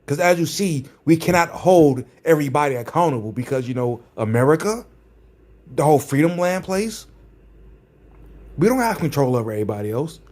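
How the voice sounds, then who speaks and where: A man's voice: on the high side, expressive, fairly quick, a little mellow. Sarcastic, combative man ranting. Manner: repeats phrases for emphasis. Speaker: vlogger. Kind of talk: ranting commentary.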